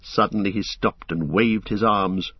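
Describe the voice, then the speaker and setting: A man reading an audiobook as narrator, in measured, even storytelling. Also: on the low side, breathy edge, dry recording. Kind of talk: scripted narration. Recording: slightly dull lo-fi recording.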